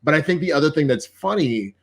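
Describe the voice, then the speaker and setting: A man co-hosting a casual TV review chat, excited, swearing often and acting out lines. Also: a little high, fast, vocal fry. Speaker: co-host.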